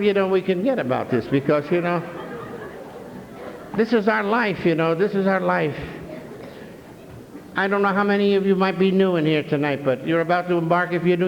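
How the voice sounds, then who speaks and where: A man's voice: on the high side, vocal fry, slight background noise. An older man telling a humorous story to a convention audience, folksy and full of "you know", on a dull 1993 hall recording. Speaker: recovery meeting speaker.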